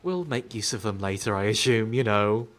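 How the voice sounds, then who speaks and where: As co-host of a casual let's play stream, this speaker explains things in a chatty, rambling way packed with fillers. The voice is medium-pitched, animated and a bit bright, moving at a moderate pace through casual gameplay commentary.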